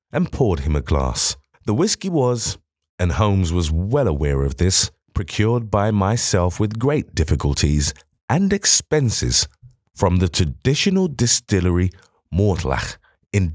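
Deep-voiced man reading an audiobook. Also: a little mellow, no echo, clean studio sound. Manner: formal, old-fashioned storytelling. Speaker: audiobook narrator. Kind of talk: scripted first-person audiobook narration.

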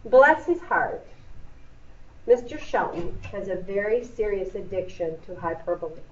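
A woman's voice: mid-range voice, a little slow, recorded from a distance. A woman teaching a middle school English lesson in a classroom, explaining patiently with playful asides. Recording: echoey classroom recorded from afar, dull.

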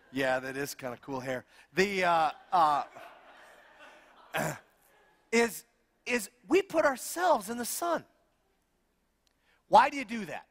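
Animated middle-aged pastor in reverberant hall. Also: male voice, high-pitched. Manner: animated, humorous, self-deprecating storytelling. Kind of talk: sermon.

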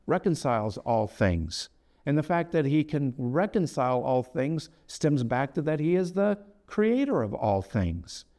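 Animated, emphatic male preacher. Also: fairly high pitch. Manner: emphatic, repeats key phrases, slows on scripture. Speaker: guest speaker. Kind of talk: sermon-style teaching. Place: television studio.

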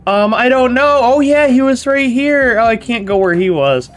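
A young man giving excitable, playful let's-play commentary, talking straight to his viewers as he plays. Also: very high-pitched, moderate pace. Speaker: gaming YouTuber.

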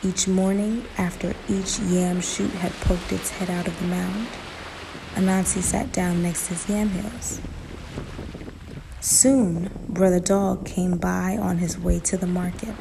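A woman narrating a folktale in a slow, emphatic storytelling manner, in a noisy recording. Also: fairly low pitch, steady tone, gravelly.

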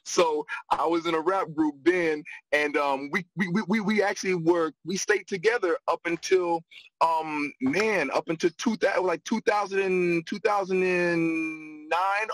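A man's voice: a little high, no room sound, rough recording. A middle-aged man telling a personal story with energy, repeating words as he gathers his thoughts. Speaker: guest on a discussion panel.

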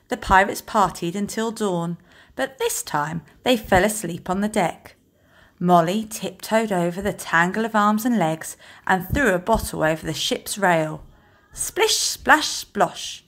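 A teacher reading a children's storybook aloud in a slow, expressive storytelling voice. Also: female voice, lowish voice. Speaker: infant school teacher.

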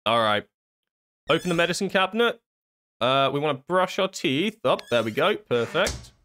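A man's voice: a little high, big pitch swings, moderate pace, sharp tone, slight background noise. A man jokes sarcastically and swears as he talks through a horror video game, laughing often. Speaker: gaming YouTuber. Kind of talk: horror game let's play commentary.

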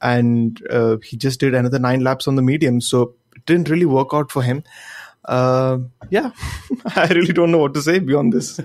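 A man's voice: mid-range voice, moderate pace. A man co-hosting a motorsport podcast who gives candid opinions in a plain, hedging way with fillers. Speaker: podcast co-host. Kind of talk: casual chat.

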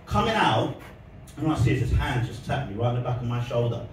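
In a sing-song voice of medium pitch, a man moves quickly through a laugh-filled, rambling stand-up set for his comedy vlog. A distant mic leaves the audio echoey and the background noisy.

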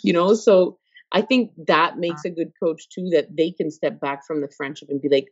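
A woman's voice: low-pitched, steady tone, moderate pace, no room sound. A woman guest in a casual podcast interview who talks expressively, laughs often and acts out the voices she quotes. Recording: dull lo-fi sound.

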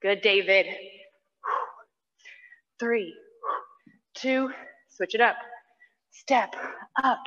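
Woman fitness instructor, bright edgy voice, slow spaced-out cues, countdowns and name cheers, breathing hard, dull lo-fi audio. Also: mid-range voice, in a large hall. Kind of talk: live workout coaching. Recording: dull lo-fi online class audio.

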